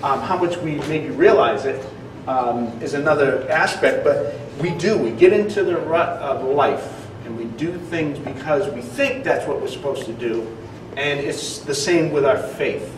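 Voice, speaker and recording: A man pastor preaches in a loose, conversational way, full of ums and asides. His voice sits a bit high for a man. He is heard from a distance in an echoey church hall with faint room noise. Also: measured pace. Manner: casual, conversational preaching with frequent fillers. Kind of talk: sermon.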